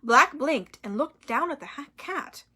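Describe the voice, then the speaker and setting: A woman reading a novel aloud in an expressive, dramatic way. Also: sits high, unhurried.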